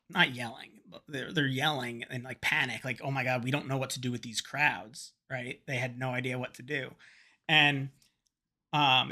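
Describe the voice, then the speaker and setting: A man's voice: medium pitch, bright, forceful tone. A man vlogging, telling a rambling, profane story in a casual chat to camera and slipping into quoted voices.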